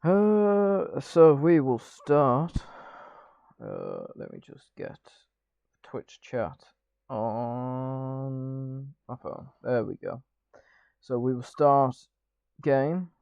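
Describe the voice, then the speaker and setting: Croaky-voiced male gaming streamer. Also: mid-range voice, very animated, very slow, pauses often, dry recording. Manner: chatty, reads narration with small slips and restarts. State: slightly croaky. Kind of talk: casual let's-play commentary, reading game text aloud. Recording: dull lo-fi mic with faint music.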